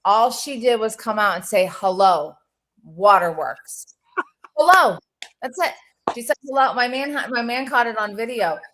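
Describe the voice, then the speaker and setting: A woman's voice: medium pitch, moderate pace, a bit bright. A woman hosting a casual webinar conversation, chatty and enthusiastic, affirming her guest as she talks. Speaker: webinar host.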